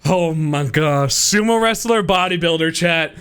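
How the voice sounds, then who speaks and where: Casting: high-voiced, bright young male streamer, lively and laughing, faint game music. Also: measured pace, smooth. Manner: excitable, giggly, talks to chat. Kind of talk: live game stream chat.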